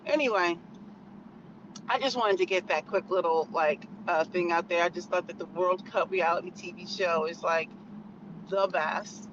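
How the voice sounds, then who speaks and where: A woman's voice: lowish voice, normal speed. Chatty American woman, muffled noisy recording. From United States. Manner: chatty, opinionated, rambling with many "like" fillers. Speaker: vlogger. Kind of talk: casual chat to camera.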